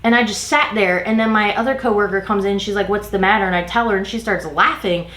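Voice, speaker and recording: A woman's voice: medium pitch, quick pace. Chatty woman telling a workplace story. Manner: animated retelling, acting out quoted coworkers, heavy use of "like". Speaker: beauty vlogger. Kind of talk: chatty storytime while doing makeup. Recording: roomy echo.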